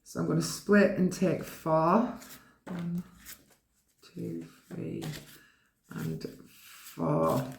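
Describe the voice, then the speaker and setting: A woman giving a pick-a-card reading, gently and affectionately reading the card messages aloud to her viewers. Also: lowish voice, fairly even intonation, drawn-out words, creaky, long pauses, roomy sound, a little hiss or hum. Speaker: tarot card reader.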